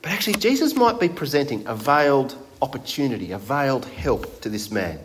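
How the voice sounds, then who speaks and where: A man's voice: medium pitch, very animated, fairly quick, a bit bright, a little hiss or hum. Male preacher, medium voice, chatty sermon delivery with rhetorical questions. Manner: conversational, asks the congregation rhetorical questions.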